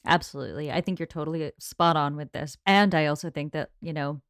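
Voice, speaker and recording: Lower-voiced woman leading a podcast chat. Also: brisk, few pauses, no room sound, clean studio sound. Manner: leads the segments, organized and talkative. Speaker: podcast co-host. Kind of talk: casual book discussion.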